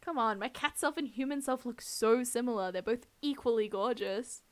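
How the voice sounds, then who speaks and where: A woman's voice: fairly high pitch, moderate pace, close to an everyday voice. A woman voicing a smug, cocky young man who has been cursed into a cat, talking in a teasing, self-satisfied way in a game.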